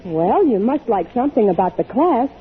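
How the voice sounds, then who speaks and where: Patient sitcom wife, gently scolding, lively up-and-down voice, tinny old radio sound. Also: female voice, on the high side, normal speed, slightly rough, full character voice. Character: patient, exasperated wife and mother, young adult. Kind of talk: 1940s radio sitcom acting. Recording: scratchy lo-fi old radio broadcast.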